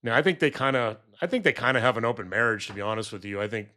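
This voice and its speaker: A man speaks at an ordinary middle pitch in a loose, rambling monologue. He stops and restarts often, fills gaps with "uh" and "um", and briefly acts out the voices of people in his story. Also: expressive, racing, pushed and bright. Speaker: political commentary vlogger.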